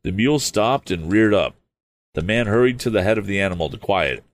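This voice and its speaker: A man's voice: lowish voice, animated, a little fast. A man reading an old novel aloud, stopping for hesitant, apologetic asides. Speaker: audiobook reader.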